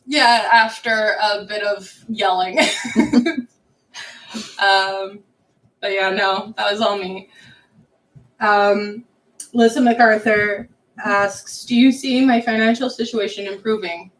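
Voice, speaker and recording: A woman's voice: medium pitch, steady tone, takes it slowly, pauses often, fairly bright tone, poor audio. A woman co-hosting a live stream, reading viewer comments aloud and chatting casually, with frequent laughter.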